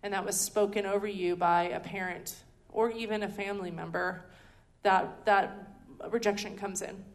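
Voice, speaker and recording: A woman's voice: medium pitch, steady tone, moderate pace. A woman giving a conversational teaching talk at a ministry school, chatty and full of ums and restarts. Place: indoor teaching hall.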